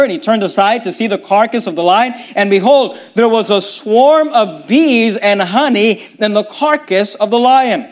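A man's voice: sits high, a little slow. A man preaching a sermon, reading scripture aloud and asking his listeners pointed rhetorical questions.

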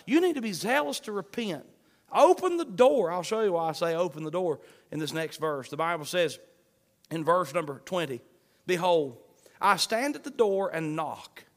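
A man preaching a sermon, fervent, swinging between shouts and hushed pleading. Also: sits high, animated, normal speed. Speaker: pastor. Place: church sanctuary. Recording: long hall reverb.

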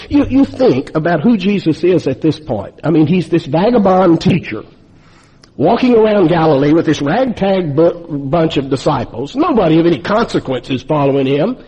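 A man's voice: on the high side, warm tone, husky. A pastor in his fifties, a man preaching an emphatic sermon full of rhetorical questions.

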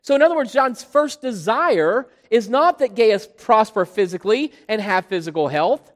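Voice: mid-range voice, expressive. An emphatic preacher in a reverberant hall. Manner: emphatic, stretching key words slowly and then rushing ahead. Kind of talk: sermon teaching on scripture.

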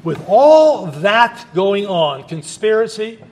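A man's voice: sits high, big pitch swings, slow. A male pastor preaching a sermon at a church service in a conversational, emphatic way, with asides to the congregation.

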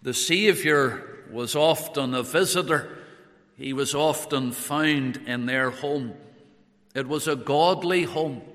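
A man preaching a sermon slowly and in a measured way, quoting Bible verses in old English. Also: mid-range voice, a bit bright, in a large hall.

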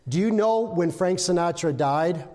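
Older preacher, high voice in a big hall. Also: male voice, unhurried, darkish tone. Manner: conversational, asks the congregation questions, hums and sings snippets. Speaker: pastor. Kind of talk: informal sermon.

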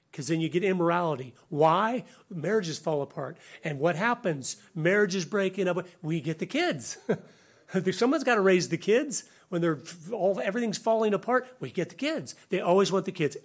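Man preaching in a lively, conversational way. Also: fairly high pitch. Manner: animated, conversational, laughs between points. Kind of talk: sermon-style talk.

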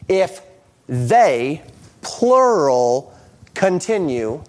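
A man teaching a Bible lesson on Greek grammar, reading translations aloud, speaking haltingly with many ums and restarts. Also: on the high side, a little mellow. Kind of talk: screen-share Bible lesson.

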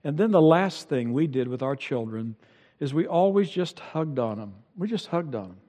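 A man's voice: a little high, expressive, normal speed, mellow. A middle-aged male pastor preaching an earnest sermon and often restarting his sentences. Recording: long hall reverb.

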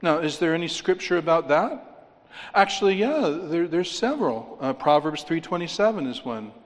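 A man preaching with emphasis, his fairly high voice climbing on key points and falling quiet to drive others home. The sound carries a long reverb, as in a large hall. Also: sing-song, normal speed. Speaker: pastor. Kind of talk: sermon.

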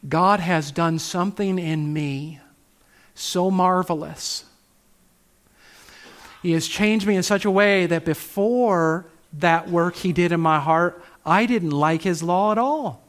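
A man preaching a sermon, asking rhetorical questions and slowing down to stress key phrases. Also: high-pitched. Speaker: pastor.

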